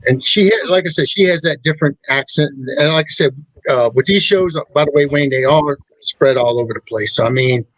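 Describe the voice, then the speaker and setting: A man's voice: on the high side, a little fast, no echo, poor audio. A man, hosting a casual chat in a talkative way. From Southern United States. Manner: chatty, talks over guests. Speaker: host.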